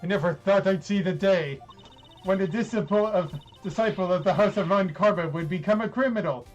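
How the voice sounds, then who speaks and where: A man putting on a proud, harsh young female prosecutor from a video game, her put-on German accent clipped and cold. She scolds imperiously in a high voice, with faint music behind. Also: a little fast, highs cut off, close to an everyday voice. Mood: scornful. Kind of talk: reading game dialogue aloud.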